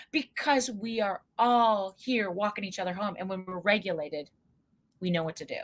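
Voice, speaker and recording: A middle-aged woman giving an energetic motivational talk, telling stories and acting out quotes loudly. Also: mid-range voice, moderate pace, poor audio. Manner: animated storyteller, acts out quotes loudly. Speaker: speaker leading a workshop.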